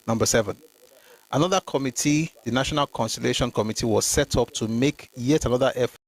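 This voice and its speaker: This male history livestream host speaks fast at a medium pitch, and the recording has no echo. He reads documents aloud, reacts with emphasis, talks to viewers by name, and mixes in Yoruba.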